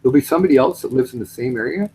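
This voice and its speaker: A man's voice: medium pitch, racing, slight background noise, poor audio. A man with a Newfoundland accent, co-hosting a casual podcast chat and joking around. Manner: animated, slips into mock accents.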